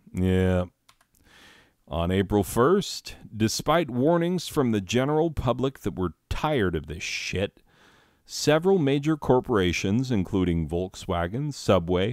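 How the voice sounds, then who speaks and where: A man's voice: fairly low pitch, no room sound, clean studio sound. A man presenting a mock year-in-review with sarcastic, rambling, exasperated rants. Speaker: comedy video host.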